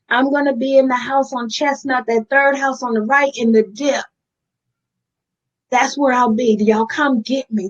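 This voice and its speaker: A woman's voice: high voice, dull audio. A woman, a guest in an interview, talks about her recovery in a candid, earnest and direct way, often addressing listeners as "y'all".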